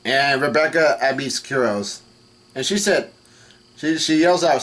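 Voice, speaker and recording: A man acting as host, retelling a comic chapter in a halting way and reading the characters' lines out in an even voice. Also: medium pitch. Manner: halting, reads out dialogue in an even voice. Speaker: manga reaction host.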